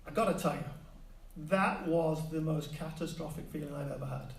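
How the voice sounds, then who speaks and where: A man telling a personal story to a live audience, animated and acting out what people said. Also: fairly high pitch, normal speed, vocal fry. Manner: animated, acts out quoted voices. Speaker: storyteller on stage. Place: stage before a live audience. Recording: echoey hall, distant mic, faint hiss.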